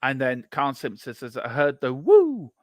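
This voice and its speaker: A man's voice: medium pitch, huge pitch swings, measured pace, no room sound. Guy co-hosting a footy fan podcast, jokey, reading out comments, dry close sound. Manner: jokey, reads out listener comments. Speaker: podcast co-host. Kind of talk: casual fan podcast chat.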